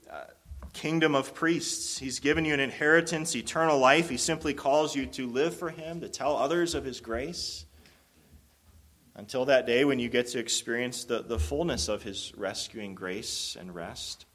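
A man's voice: medium pitch, normal speed, a bit bright. A man preaching a sermon, explaining a Bible passage in an earnest, conversational way with frequent restarts. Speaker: pastor.

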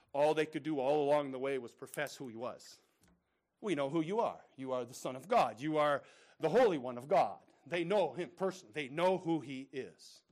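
A medium-pitched male voice belongs to a pastor delivering a sermon. He repeats himself with emphasis, alternating between loud declarations and whispered asides.

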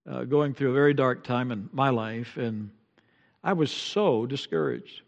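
A middle-aged man preaching a sermon as pastor in a church, swinging from hushed tones to loud, emotive peaks. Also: mid-range voice, measured pace. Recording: long reverb in a large hall.

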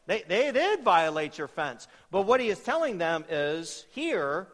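High-voiced preacher in a reverberant hall. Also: male voice, big pitch swings, measured pace. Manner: emphatic, rising to loud peaks on key points. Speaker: pastor. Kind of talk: expository sermon.

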